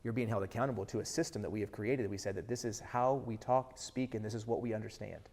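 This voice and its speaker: Fast-talking keynote man in a hall. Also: on the low side. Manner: energetic, asks the audience rhetorical questions. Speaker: keynote speaker. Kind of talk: motivational keynote speech. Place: large event hall. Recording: hall reverb from a live event.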